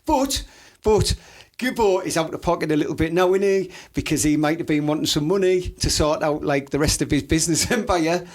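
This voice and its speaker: A man's voice: on the high side, a little fast. A man with a Teesside accent co-hosting a podcast, chatting in a teasing, laughing way. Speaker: podcast co-host. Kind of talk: casual chat.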